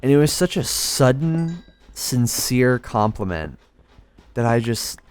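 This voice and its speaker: A man's voice: mid-range voice, lively intonation, takes it slowly, darkish tone, clean tone. A young man rambling through a story while playing a game, hesitant and self-deprecating. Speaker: gaming video creator. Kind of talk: casual storytelling over gameplay.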